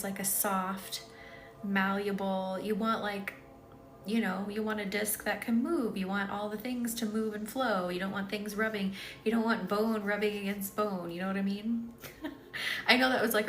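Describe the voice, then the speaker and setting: Her mid-range voice echoes around the room over slight background noise as she runs a relaxed live energy-healing stream. Tired and sleepy, the woman chats, reads comments aloud and is easily set off laughing.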